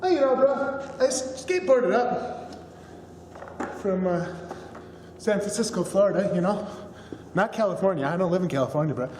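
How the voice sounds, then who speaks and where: A man's voice: high voice, animated, moderate pace, long pauses. A man voicing a laid-back male skater-bro ghost who drawls and keeps saying "bro". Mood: mellow slacker. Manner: drawling, says "bro" constantly. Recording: echoey hall with faint noise.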